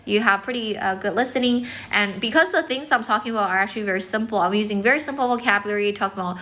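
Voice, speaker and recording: Woman livestream English teacher, casual and fast-talking, bright tone, phone mic. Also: medium pitch. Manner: fast, chatty, many fillers, mixes in some Chinese. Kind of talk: casual livestream chat with viewers. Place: indoors, in front of a decorated background.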